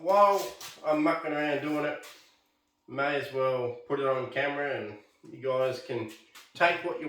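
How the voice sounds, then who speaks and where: A man with an Australian accent chats casually about his bonsai hobby from a backyard shed, laid-back, self-deprecating and rambling. His voice is a little high and a bit bright, with a little hiss or hum, and the distant mic picks up roomy echo.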